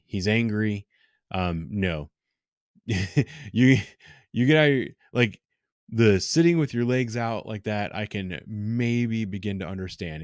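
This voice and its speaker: A man in his thirties, a police officer, giving frank, exasperated commentary on a live stream with many pauses and fillers. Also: lowish voice, dry recording, studio quality. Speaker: police officer reacting to bodycam footage.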